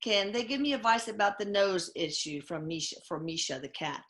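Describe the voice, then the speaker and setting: A woman hosting a live Q&A, reading viewer questions aloud and tossing in quick casual asides. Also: medium pitch, lively intonation, a bit bright. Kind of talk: live Q&A chat.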